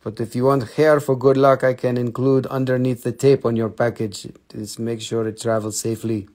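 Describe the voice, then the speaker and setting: A man's voice: medium pitch, flat delivery, moderate pace, a little mellow. A man with a Russian accent hosting a live crystal sales stream, playful and in broken English. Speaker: online crystal seller.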